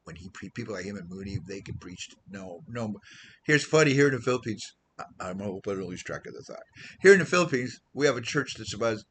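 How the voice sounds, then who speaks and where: A man's voice: lowish voice, expressive, quick pace, fairly bright tone, a little hiss or hum, poor audio. A man preaching an informal sermon as a missionary, rambling and losing his train of thought now and then. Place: Philippines.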